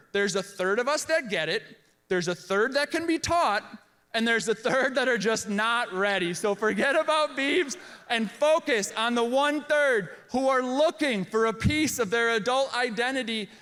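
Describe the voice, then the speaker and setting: A man gives a motivational keynote as a guest speaker, his lines short and punchy. His voice sits high and sounds bright.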